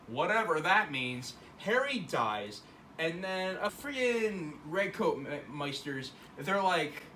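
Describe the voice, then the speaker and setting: A man's voice: fairly high pitch, expressive, measured pace, fairly bright tone, a little hiss or hum. A man drunkenly retelling a play, rambling and profane, acting out each character in turn. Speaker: drunk storyteller.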